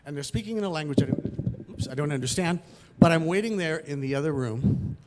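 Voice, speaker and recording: An animated man from Los Angeles telling a true story to an audience. His voice sits a little high and swings up sharply at the dramatic beats. He acts out each moment as he goes. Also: a little fast, heavy background noise. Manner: animated, vivid, acts out scenes. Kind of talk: personal storytelling performance.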